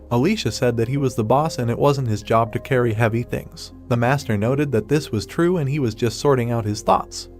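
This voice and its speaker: Male narrator for a comic recap: mid-pitched, steady and even delivery, faint music underneath. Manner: steady even third-person retelling. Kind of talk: scripted narration.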